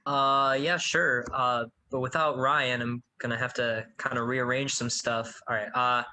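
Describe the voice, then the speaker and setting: A man's voice: mid-range voice, little pitch movement, measured pace, pushed and bright. A man casting a comedy sketch, hesitant and stammering with lots of fillers. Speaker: sketch writer casting the scene. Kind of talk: scripted comedy sketch banter.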